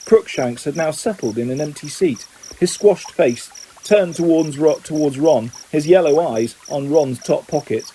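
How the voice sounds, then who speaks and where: A man reading a novel aloud at a steady pace, raising his voice slightly for the characters' lines. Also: unhurried, slight background noise, rough recording. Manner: reads steadily, lifting pitch for quoted lines. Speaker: audiobook reader. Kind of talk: scripted narration.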